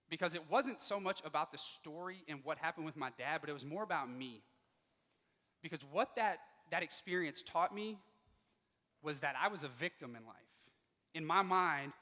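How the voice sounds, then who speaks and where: A man giving a motivational speech to students, telling a personal story with lively delivery and acting out the dialogue. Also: fairly high pitch, big-room sound. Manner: animated, acts out quoted dialogue. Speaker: motivational speaker. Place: school auditorium.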